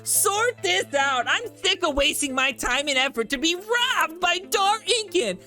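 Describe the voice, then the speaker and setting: Man doing a shrill, whiny gamer guy who moans about everything, pitched way up. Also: lively intonation, unhurried, pushed and bright, soft background music, heavily acted. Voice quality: annoying, nasal whine. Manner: high strained complaining read. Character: whiny nasal male gamer complaining.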